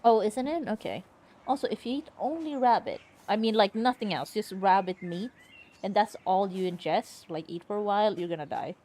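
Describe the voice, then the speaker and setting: A woman's voice: mid-range voice, moderate pace, slight background noise. A woman streamer chatting casually and joking while she plays a story game. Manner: joking, animated asides with laughter. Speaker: streamer playing a narrative game. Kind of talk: casual gameplay commentary.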